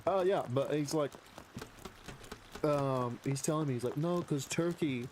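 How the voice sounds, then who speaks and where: A man's voice: a little high, unhurried, darkish tone, slight background noise. A man live streaming, casually telling a story while gaming, rambling and swearing a lot.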